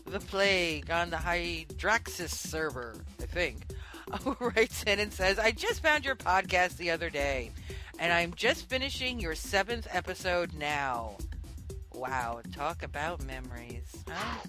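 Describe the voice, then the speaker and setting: A woman hosting a gaming podcast in casual chat, upbeat and quick to laugh. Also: fairly low pitch, expressive, sharp tone, soft background music. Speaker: podcast host.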